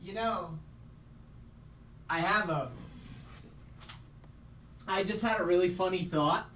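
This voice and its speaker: A man's voice: sits high, takes it slowly, sharp tone, slight background noise. A young man streaming games, his voice shaky after crying, telling a rambling story to his chat with laughs and restarts. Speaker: game streamer. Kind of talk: casual storytelling to a live chat.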